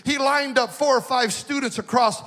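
Extremely high in pitch yet fairly even in intonation, a sharp-toned pastor from the western United States speaks at a moderate pace. His sermon is an emotional personal story with sing-song swells, heard through long hall reverb.

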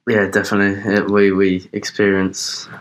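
A man's voice: on the low side, completely flat delivery, moderate pace. A young man co-hosting a podcast, mostly chiming in with short agreeing replies and teasing his friend. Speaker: podcast co-host. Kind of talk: casual chat.

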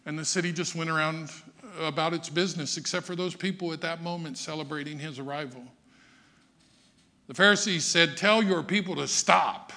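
A male pastor preaching a Sunday sermon with dramatic swings from quiet, low talk to shouting, acting out the people he quotes. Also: fairly even intonation, fairly quick.

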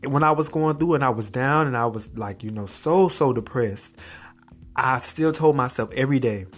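A man with a husky, slightly breathy voice delivers a casual motivational monologue as a podcast host. He talks straight to the listener, encouraging and expressive, his pitch leaping up when he gets animated. His voice sits at a middle pitch. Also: moderate pace.

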